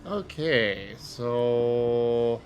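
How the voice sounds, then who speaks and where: A man's voice: medium pitch, drawn-out words, faint music behind. A man co-playing a puzzle game in casual chat, thinking aloud as he works it out. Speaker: co-player on a game stream.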